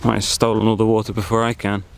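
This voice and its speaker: A man's voice: on the low side, little pitch movement, quick pace, creaky, a little hiss or hum. A man vlogging outdoors in a forest, chatting and joking as he thinks aloud into a handheld camera. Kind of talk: casual vlog commentary.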